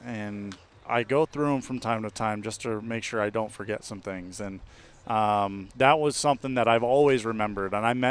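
A man, a baseball pitcher, talking casually in an interview, relaxed, with fillers and restarts. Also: smooth. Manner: relaxed, with many fillers and restarts, laughs easily.

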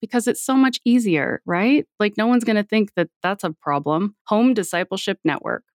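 A woman's voice: mid-range voice, moderate pace, dry recording, clean studio sound. A woman speaking as a podcast guest in a casual interview, earnest and at times dryly sarcastic.

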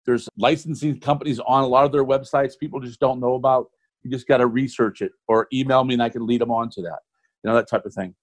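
A middle-aged man talks as a guest on a show, rambling in a friendly, folksy way. His voice sits at an ordinary middle pitch. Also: fairly even intonation, fast talker. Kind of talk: casual interview talk.

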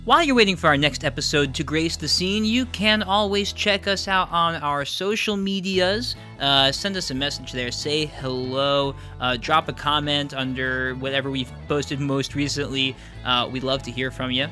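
A man's voice: a little high, normal speed, few pauses, pushed and bright, faint music behind. A man hosting a tabletop game podcast, reading the outro and plugs in an upbeat, chatty way with small fillers. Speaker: podcast host.

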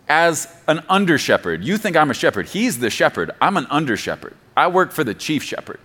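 A man's voice: on the high side, fairly bright tone. A man preaching a sermon as pastor, emphatic and appealing directly to the congregation, repeating key phrases for stress.

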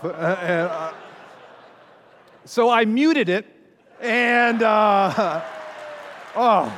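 A man's voice: sits high, lively intonation, extremely slow, pauses often, a bit bright, big-room sound. A man speaking as a pastor, telling a story with self-deprecating humor and many fillers. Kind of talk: humorous teaching talk.

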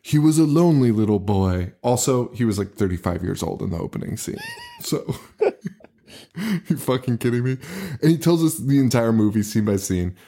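A man's voice: medium pitch, expressive, moderate pace, dark tone. A man co-hosting a horror podcast, recapping a movie in casual chat, laughing often and swearing in disbelief. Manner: profane, laughing, incredulous. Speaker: podcast co-host.

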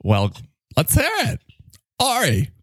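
A man voicing a cocky, needy male talking microphone that swoops in pitch and bursts into shouts. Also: huge pitch swings, takes it slowly, breathy edge, dry recording, clean studio sound, exaggerated voice. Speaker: podcast co-host character. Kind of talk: improvised comedy bit.

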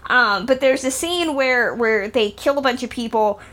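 Woman, podcast co-host, somewhat high voice, chatty and enthusiastic. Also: moderate pace, fairly bright tone. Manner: chatty, enthusiastic, some fillers. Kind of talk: casual film review chat.

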